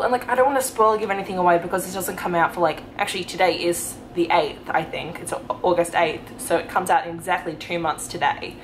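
A young woman talking casually in a reading vlog at home, excited and rambling, gushing with lots of fillers. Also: on the low side, slight background noise, low-quality recording. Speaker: book vlogger.

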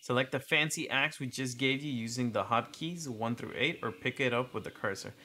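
A man's voice: mid-range voice, fairly quick, sharp tone, a little hiss or hum. A man giving casual gameplay commentary and reading game text aloud with chatty asides. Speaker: gaming video creator.

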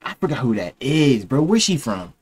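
A man's voice: mid-range voice, big pitch swings, normal speed, darkish tone, slightly rough. Joking young man streamer. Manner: loose, joking, trash-talking slang. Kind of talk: casual reaction chat.

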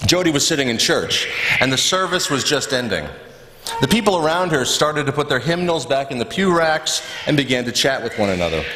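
A man preaching through a story, his delivery animated and full of rise and fall. His voice rings through a large church with a long, hanging reverb. He keeps a storyteller's easy flow. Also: mid-range voice, a little fast, a little hiss or hum. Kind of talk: sermon told as a story. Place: church sanctuary.

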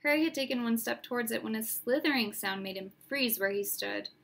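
A woman's voice: fairly high pitch, brisk, gravelly, fairly bright tone. Woman reading a storybook aloud. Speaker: reader. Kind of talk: storybook read-aloud narration.

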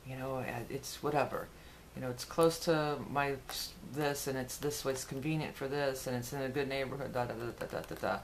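A woman's voice: very deep voice, fairly even intonation, fairly quick, slight background noise. A woman giving a casual, rambling tarot forecast, with frequent fillers and restarts. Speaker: tarot reader.

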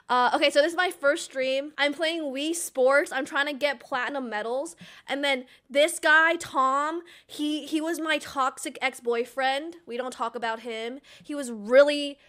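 A young woman chats casually on her stream, excitable and quick to giggle. Her voice sits high, and she swears freely and breaks into squeals. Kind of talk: casual livestream chat, reacting to an old clip.

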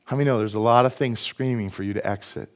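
A middle-aged man preaching a sermon in a church, lively and conversational, with frequent asides to his congregation. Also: fairly low pitch, fast talker. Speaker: pastor. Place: church sanctuary.

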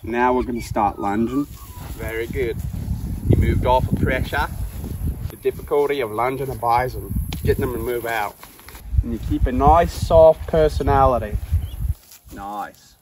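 A horse trainer hosting a comic training demo, hamming up a mock Australian accent and slang. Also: male voice, medium pitch, a little slow, long pauses. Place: outdoors at a ranch. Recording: distant camera mic, loud outdoor noise.

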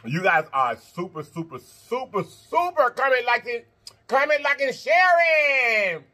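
Lively high-voiced man chatting while eating. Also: normal speed. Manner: animated, talks straight to viewers, laughs and chants; talks while eating and blowing on hot food. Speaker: mukbang host. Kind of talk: eating-show vlog chat.

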